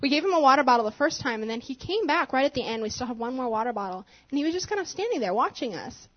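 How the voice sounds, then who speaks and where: A woman sharing a testimony in church, telling her story in a giggly, animated way. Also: high-pitched, fast. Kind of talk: spontaneous testimony to a congregation. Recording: dull lo-fi church recording.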